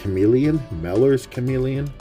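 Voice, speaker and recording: A man hosting a card-collecting vlog, chatty and rambling, swinging from hushed awe to loud excited outbursts. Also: medium pitch, normal speed, soft background music. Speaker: card-collecting channel host.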